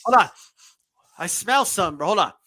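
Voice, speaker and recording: A man's voice: high voice, expressive, fairly quick, pushed and bright, no echo, low-quality recording. A man hosting a boxing podcast, ranting with lots of profanity, often raising his voice and mocking people. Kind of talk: heated uncensored podcast rant.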